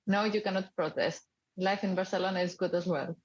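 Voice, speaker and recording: Co-host lady, husky voice, kinda dull remote audio. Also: on the low side, steady tone, fairly quick. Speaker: podcast co-host. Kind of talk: casual chat.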